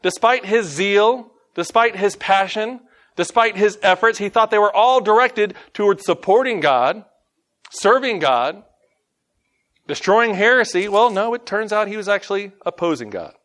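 A man with a Southern twang leads a relaxed Bible lesson, his voice pitched a touch high for a man. He jokes, laughs at his own stumbles, then reads scripture aloud in a steady teaching voice. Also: moderate pace.

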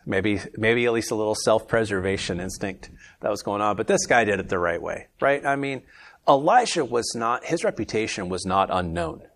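A man leads a casual Bible study, his voice sitting slightly low. He reads the scripture passages aloud with lifted energy, then slips into relaxed, chatty commentary between verses. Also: normal speed. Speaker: Bible teacher.

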